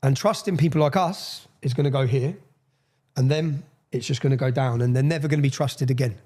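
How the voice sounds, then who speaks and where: A man's voice: mid-range voice, fairly quick, dark tone. A man with an English accent giving a TV interview, speaking in a defiant, emphatic way and repeating phrases for weight.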